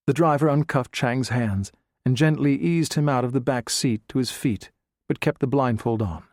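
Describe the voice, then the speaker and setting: A man narrates an audiobook in a steady, measured voice of middling pitch. He reads close to a studio microphone. The sound is completely dry, with no room echo.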